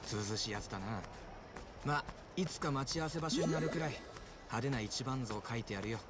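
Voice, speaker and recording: An actor playing a brash, cheerful young man who trades rough, boisterous banter in a video game cutscene. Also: medium pitch, lively intonation, very fast, heavy background noise, lightly acted. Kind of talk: Japanese video game voice acting. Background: game music.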